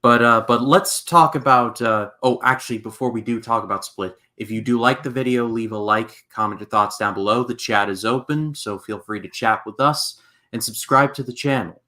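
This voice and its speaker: A young man hosting a casual movie podcast, relaxed and steering the talk with a few fillers. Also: mid-range voice, normal speed. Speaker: podcast host.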